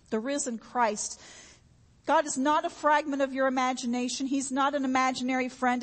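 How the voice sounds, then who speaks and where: A woman's voice: on the high side, long reverb tail. A woman preaching a sermon in an earnest, repetitive way, with homey everyday examples.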